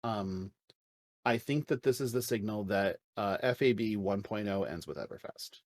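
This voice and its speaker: A man co-hosting a casual podcast chat, talking in an animated, joking way with some swearing. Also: on the low side, moderate pace, no room sound. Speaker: podcast co-host.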